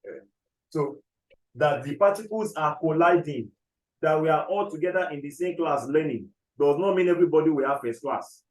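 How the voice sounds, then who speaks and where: A man's voice: fairly high pitch, darkish tone, echoey room, poor audio. A man teaching chemistry in a classroom, dictating notes and often checking whether the class follows. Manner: repeats key phrases slowly, checks understanding often.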